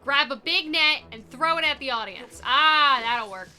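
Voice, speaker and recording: Woman streamer, higher voice, loose chatty delivery, game music loud underneath. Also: animated, unhurried. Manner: chatty, reads chat aloud, laughs often. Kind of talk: casual speedrun stream chat. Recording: game music playing behind.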